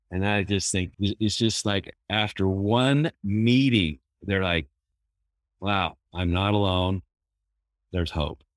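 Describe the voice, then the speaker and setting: A therapist chats casually, a man with a somewhat low voice who drifts through anecdotes with easy fillers. The sound is dry and close, with no room around it. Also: dry recording. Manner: easygoing, anecdotal, many fillers. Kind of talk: casual storytelling.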